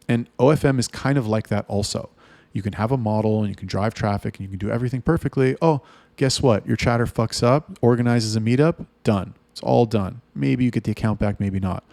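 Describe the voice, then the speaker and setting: A man giving blunt, heavily profane advice in a ranting monologue. His pitch jumps up to hit his points. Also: gravelly, no echo. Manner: lively, rising in pitch for emphasis. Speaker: OnlyFans agency owner giving advice.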